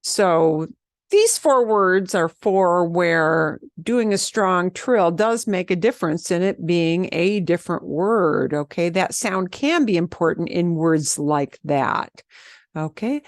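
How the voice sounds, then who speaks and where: A woman's voice: on the low side, expressive, slow pace, dry recording, studio quality. A woman from the teaching a beginner Spanish lesson, patiently repeating words and drilling the trilled R. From American Southwest.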